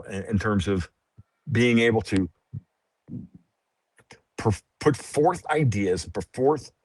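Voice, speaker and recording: A man's voice: medium pitch, a little mellow, no room sound. A man speaking as a podcast guest in casual chat, explaining things bluntly and freely, with some swearing. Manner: blunt, profane, freewheeling explaining.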